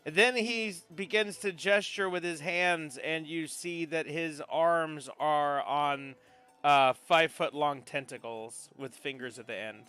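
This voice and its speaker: Bright-voiced male game master. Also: a little high, unhurried, smooth, faint music behind. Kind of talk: narrating a tabletop game.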